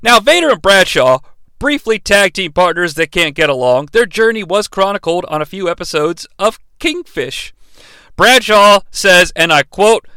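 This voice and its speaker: A man's voice: sits high, lively intonation, normal speed, sharp tone, clean tone, dry recording, clean studio sound. A man hosting a podcast, reviewing a wrestling match solo in a profane, sarcastic, mock-outraged way. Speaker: podcast host.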